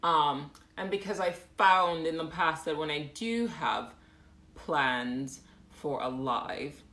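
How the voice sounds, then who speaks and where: Slow-talking playful woman, roomy echo. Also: low voice, sharp tone. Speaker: artist hosting a livestream. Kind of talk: casual live chat answering viewer comments.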